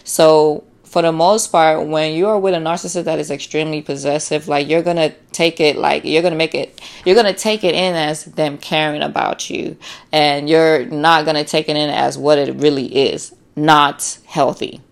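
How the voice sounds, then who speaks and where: A woman with a lowish voice hosts a casual solo podcast. Her talk is slangy and loaded with swearing and fillers like "like" and "you know." She acts out quoted back-and-forths in an animated way. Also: moderate pace, vocal fry. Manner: profane, animated storytelling with acted-out quotes. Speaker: podcast host.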